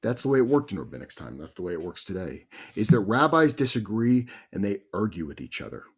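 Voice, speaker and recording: A man who is a rabbi, telling stories in a conversational, animated sermon. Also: lowish voice, fairly quick, husky. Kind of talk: sermon storytelling.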